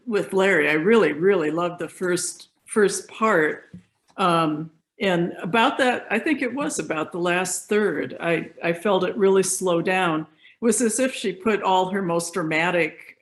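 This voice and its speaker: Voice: medium pitch, a bit bright. A book club member giving a thoughtful, hesitant opinion. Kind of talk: casual discussion. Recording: roomy echo.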